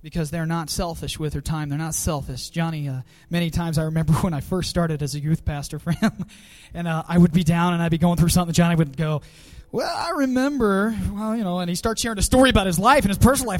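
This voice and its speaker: A man's voice: a little high, quick pace, hardly any pauses. A youth pastor, a man, giving a heartfelt farewell tribute at a church gathering, choked up with emotion and laughing nervously.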